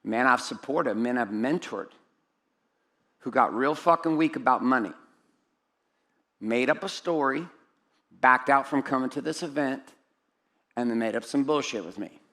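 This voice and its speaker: A middle-aged man giving a blunt, profane motivational talk on stage to a room of men, swinging from loud outbursts to low, intimate asides. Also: unhurried, pauses often. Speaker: event speaker.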